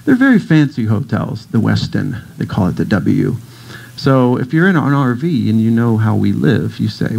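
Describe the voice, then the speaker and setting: In a congregation hall, a middle-aged breathwork teacher appears as a guest speaker, giving a casual, jokey talk to a church audience. His medium-pitched voice is very animated, a little mellow and touched with vocal fry, and he moves at normal speed with few pauses as he tells stories and acts out voices. The audio quality is poor.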